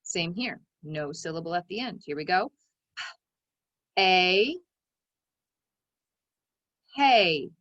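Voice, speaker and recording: A woman teaching a phonics lesson to young children, sounding out each word part slowly and clearly. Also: lowish voice, animated, a bit bright, no echo, muffled recording.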